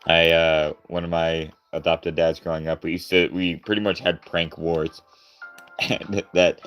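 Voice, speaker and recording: A man's voice: deep voice, a bit bright. A man chatting casually on a live stream, goofy and rambling, laughing often and trying out character voices.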